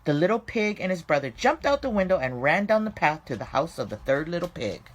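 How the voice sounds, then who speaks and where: Woman reading a children's picture book, lower voice, very animated pitch, dramatic pauses. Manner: expressive, dramatic storytelling with slowed emphasis. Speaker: storyteller. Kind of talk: children's story read-aloud.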